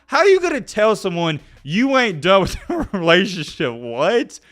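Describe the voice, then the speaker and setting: A man's voice: high voice, very animated, unhurried, a bit bright. A man giving casual commentary as a YouTube commentator, animatedly reacting and reading messages aloud.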